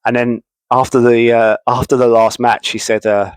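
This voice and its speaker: A man's voice: medium pitch, level tone, normal speed, clean tone, dry recording, low-quality recording. A man in his thirties reminiscing casually to camera, rambling with many fillers and restarts. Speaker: wrestling video host. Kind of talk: casual nostalgic monologue.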